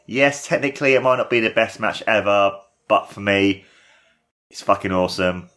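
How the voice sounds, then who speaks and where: A young man hosting a casual watchalong, talking excitedly and rambling as he gushes over what he sees. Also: on the low side, moderate pace. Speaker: podcast host.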